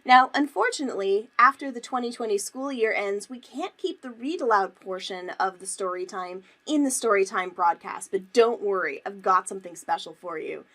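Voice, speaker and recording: A woman's voice: medium pitch, normal speed, few pauses, bright, forceful tone. A woman working as a museum teacher, hosting a children's storytime and lesson in an upbeat, friendly way that speaks to kids directly.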